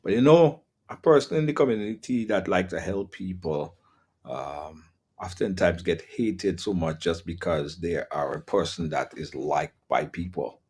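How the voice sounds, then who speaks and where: A man's voice: deep voice, a little slow, a little mellow, breathy edge. A man hosting an interview show, affirming his guest with sympathetic interjections. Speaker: host.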